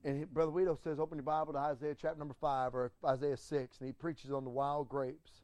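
Middle-aged pastor preaching, swings loud to hushed, dry sound. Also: male voice, on the high side, flat delivery, quick pace, dry recording. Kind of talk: sermon storytelling.

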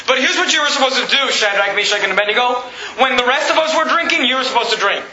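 A man's voice: extremely high pitch, fast talker, bright, forceful tone, echoey room, muffled recording, exaggerated voice. A man voicing a domineering ancient king who talks down to his captives in a mocking, condescending way. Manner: scornful, condescending.

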